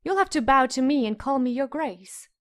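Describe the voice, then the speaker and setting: A woman's voice: high-pitched, animated, moderate pace. A woman reading an audiobook, voicing a proud young noble girl who talks in a haughty, airy manner.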